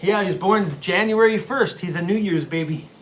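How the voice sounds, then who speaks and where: A middle-aged man from Canada chats on a relaxed live stream, rambling from one thought to the next in a hotel room. His voice sits a little high for a man. A faint hiss of room noise runs underneath. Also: moderate pace. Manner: relaxed, rambling, talks baby-talk to his dog. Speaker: van-life vlogger doing a live stream. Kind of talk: casual live-stream chat.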